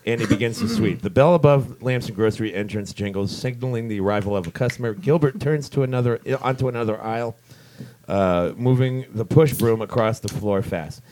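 A man's voice: on the low side, fairly quick, a little mellow. A man narrating a script's stage directions in a casual comedic table read, with lots of fillers and little side jokes.

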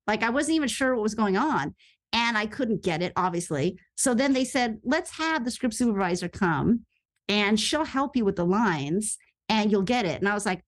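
A woman guest tells her story on an interview podcast. She talks quickly and with plenty of life, and she acts out the people she quotes. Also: on the high side, animated. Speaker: actress and radio host guest.

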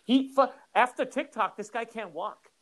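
A man's voice: very high-pitched, normal speed, heavy background noise. A man co-hosting a podcast, chatting casually and joking, talking in bursts with lots of fillers. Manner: animated, joking, talks in bursts with many fillers. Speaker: podcast co-host. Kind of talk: casual chat.

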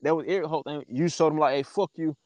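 A man guesting on a podcast, telling a story in a loose, profane, animated way and acting out what people said. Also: fairly high pitch, fast, dry recording. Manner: profane, animated, acts out quoted dialogue. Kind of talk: casual storytelling.

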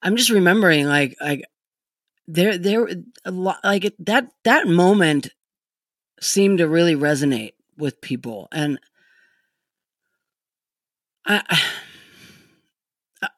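Male interview guest, unhurried and halting, pitch swinging up and down, dry mic. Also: lively intonation, fairly bright tone, no room sound. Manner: hesitant, halting, laughs often. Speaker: podcast guest and musician. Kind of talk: casual interview chat.

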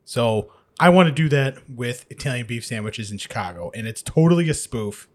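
A man's voice: mid-range voice, expressive, normal speed. A man co-hosting a podcast, telling stories animatedly and slipping into put-on voices. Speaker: podcast co-host. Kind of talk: casual group chat.

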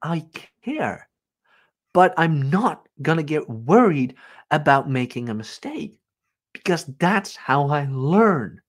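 A man's voice: a little high, very animated, takes it slowly. A man hosting a podcast in casual chat, blunt and swearing freely as he tells stories and acts out what others said. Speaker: podcast host.

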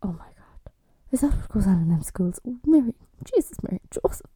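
A woman voicing a shocked older devout Catholic woman, in a hushed, gasping whisper. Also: mid-range voice, big pitch swings, fairly quick, breathy edge, dry recording, studio quality. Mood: scandalised.

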